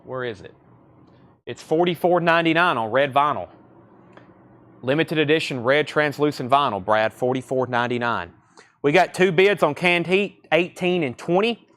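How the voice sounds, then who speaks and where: A man with a Southern accent hosting a live record sale, listing titles and repeating prices in quick sales patter. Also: on the high side, fairly bright tone. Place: record shop surrounded by crates.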